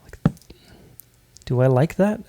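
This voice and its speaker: A Minecraft building channel host speaks slowly in a mellow, animated voice of medium pitch. As he places blocks in his tutorial, he talks casually, thinks aloud, and frequently hums or counts under his breath.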